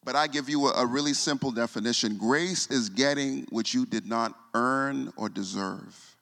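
Brief: male pastor, forties, mid-pitched, emotional sermon storytelling, long church reverb. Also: normal speed, creaky. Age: 40s. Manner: repeats words and restarts, voice drops soft when moved. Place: church sanctuary.

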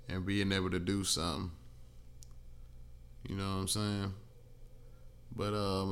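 A man's voice: fairly low pitch, smooth. A young man hosting a solo podcast, talking bluntly and profanely in a loose conversational rant, tired and yawning after a flight. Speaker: podcast host.

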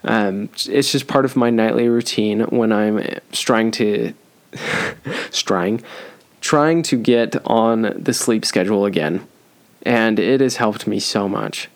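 A man's voice: lowish voice, takes it slowly. A young man hosting a solo podcast, giving advice in a loose, joking way with frequent ums and restarts. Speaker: podcast host.

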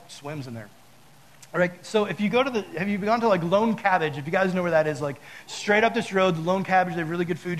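A man with a fairly high voice gives a relaxed, chatty sermon full of fillers and asides. He acts out his own stories with loud, high bursts of mock panic. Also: rough recording. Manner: talks straight to the audience with many fillers. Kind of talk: casual sermon with storytelling.

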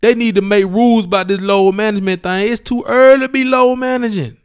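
A man's voice: high-pitched, steady tone, brisk, clear, resonant tone, no echo, studio quality. A man hosting his own sports podcast, talking casually and with energy, using slang and speaking straight to his listeners. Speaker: podcast host.

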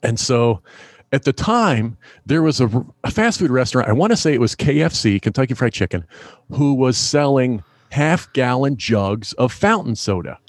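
Brief: middle-aged male stand-up, animated storyteller, lively pitch, dry close mic. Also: moderate pace, no room sound. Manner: animated anecdote-telling, laughs often, acts out voices in quotes. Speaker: stand-up comedian, guest. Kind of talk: storytelling in a podcast interview.

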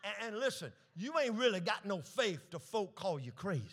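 Very animated at a moderate pace, this male preacher leads a call-and-response sermon that ranges from quiet low asides to shouted high points.

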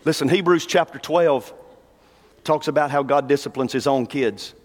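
High-voiced preacher in a reverberant hall. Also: male voice, darkish tone. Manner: folksy, conversational preaching, reads scripture slowly. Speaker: pastor. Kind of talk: sermon.

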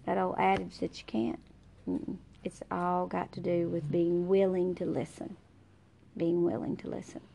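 A woman's voice: lowish voice, flat delivery, moderate pace, creaky, dark tone, slight background noise. A middle-aged woman teaching an informal Bible study, talking conversationally, searching aloud for verses and reading scripture aloud.

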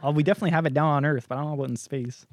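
A young man co-hosting a casual comedy podcast, telling a story in an animated way and laughing often. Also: a little high, rapid-fire, no room sound. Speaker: podcast co-host.

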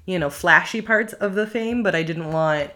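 A woman's voice: on the low side, normal speed, sharp tone. A young woman chatting on a podcast, rambling and reflective, leaning on lots of "like" fillers. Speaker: podcast co-host, YouTuber. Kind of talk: casual podcast chat.

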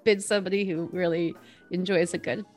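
A woman's voice: fairly low pitch, fairly even intonation, brisk, a little mellow, faint music behind. A woman in her forties, an interview guest, chatting casually with lots of fillers and giggles. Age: 40s.

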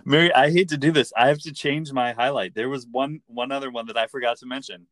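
A fast-talking male podcast host runs through a TV episode recap in casual chat, with wry, playful humor delivered mock-seriously. His medium-pitched voice is fairly bright, with fairly even intonation.

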